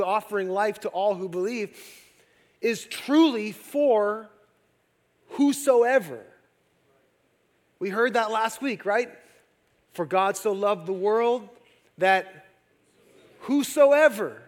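A man pastor preaching a sermon, shifting between loud emphatic peaks and hushed, slow appeals to the congregation. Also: high voice, in a large hall.

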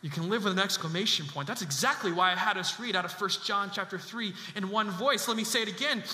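A man preaching a sermon as pastor, emphatic and animated, repeating key lines for weight. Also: high voice, fast. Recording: echoey church hall with long reverb.

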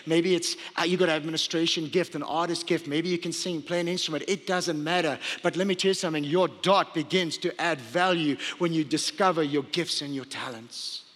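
A man preaching in a big church hall, his voice trailing off in a long reverb. He speaks a little higher than most men and presses his points by saying them over and over. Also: fairly quick, hardly any pauses, a bit bright. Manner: exhorting, repetitive emphasis. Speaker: pastor. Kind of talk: sermon.

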